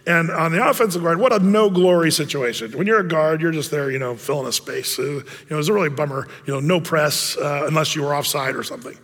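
A man's voice: fairly high pitch, fast, few pauses, fairly bright tone, in a large hall. A middle-aged man from Oregon teaching a men's Bible study in a folksy, rambling way, with many fillers, restarts and humorous asides about his own life. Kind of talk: conversational Bible teaching with personal stories.

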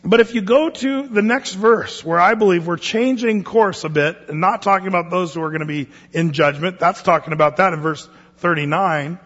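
High-voiced man preaching a conversational sermon. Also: moderate pace, a bit bright, in a large hall, highs cut off. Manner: conversational Bible teaching with asides and restarts. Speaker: pastor.

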